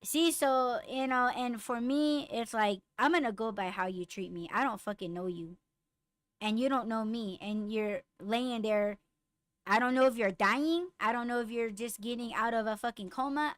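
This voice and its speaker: A woman hosting a podcast, chatting casually and bluntly with lots of swearing, getting raised and animated when riled. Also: fairly high pitch, no echo. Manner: blunt, profane storytelling. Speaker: podcast host. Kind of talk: casual chat with live comments.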